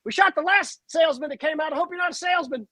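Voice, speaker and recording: A man doing a gruff old rancher yelling. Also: rapid-fire, dry recording. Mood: boisterous. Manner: loud, teasing, high and shouted.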